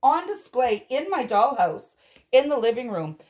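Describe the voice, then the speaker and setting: A fairly high-pitched woman host speaking at an unhurried pace. She gushes over each toy she unboxes, gasping and exclaiming as she talks straight to her viewers. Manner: gushing, excitable, frequent gasps and exclamations. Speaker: doll collector vlogger.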